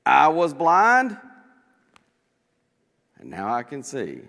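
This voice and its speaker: Preacher doing a bold formerly blind man, loud, raised and exasperated, with a lively pitch and long church reverb. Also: extremely slow, gravelly, full character voice. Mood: defiant.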